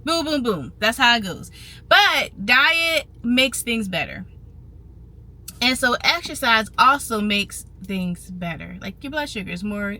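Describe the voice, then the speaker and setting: A woman talks casually to her viewers in a vlog. Her voice is slightly high and bright, with a forceful edge. She is animated and chatty and repeats phrases for emphasis. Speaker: vlogger on trading and finance. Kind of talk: casual talk to camera.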